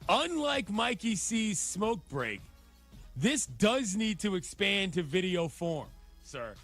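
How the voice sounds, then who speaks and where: A man co-hosting a radio show, riffing on news stories with animated, sarcastic jokes. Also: high voice, slow pace, soft background music. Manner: animated, wisecracking, sarcastic riffs. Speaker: radio co-host. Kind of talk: jokey sports radio banter.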